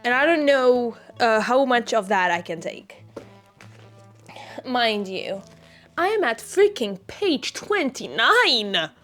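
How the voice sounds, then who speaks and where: A young woman with a high, bright voice chats through a book review, reading out lines between reactions. She sounds tearful and worked up, exclaiming at how sad the story is, with faint music playing behind her. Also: very animated, takes it slowly. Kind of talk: casual reading vlog, reading passages aloud.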